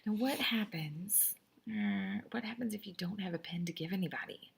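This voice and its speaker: Upbeat woman language teacher with a husky, gravelly voice, talking students through notes. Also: medium pitch, moderate pace. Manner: upbeat, chatty, encouraging. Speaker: French teacher. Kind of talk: recorded class lesson.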